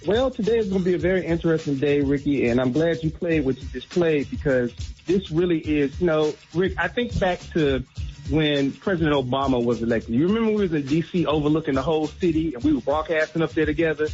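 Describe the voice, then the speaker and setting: A man calls in as a radio guest and speaks earnestly and emphatically as he lays out his points. His voice sits a little high. The line sounds dull and lo-fi, with faint music underneath. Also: expressive, fast talker, darkish tone. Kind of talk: casual radio commentary.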